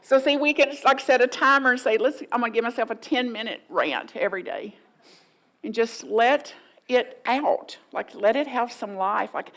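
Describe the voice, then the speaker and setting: A woman's voice: on the high side, a little slow, pauses often, low-quality recording. A woman pastor giving a folksy, playful sermon in a church, often mimicking voices for humor. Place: church sanctuary.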